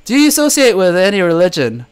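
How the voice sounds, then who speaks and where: A man's voice: high-pitched, huge pitch swings, quick pace, clear, resonant tone. A man answering viewer questions in a casual live chat, telling stories and laughing often. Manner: chatty storytelling, laughs often.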